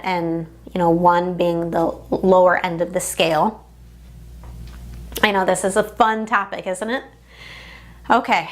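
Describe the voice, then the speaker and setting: Woman tapping coach, mid pitch, extremely slow and deliberate, repeats each affirmation. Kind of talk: guided tapping session.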